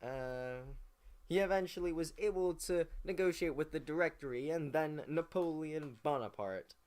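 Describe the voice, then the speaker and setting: A man's voice: a little high, normal speed, a little mellow. A man giving a rambling, profane, jokey casual recap of history, losing his place now and then. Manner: rambling, profane, jokey, slips into mock voices. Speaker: comedic history narrator.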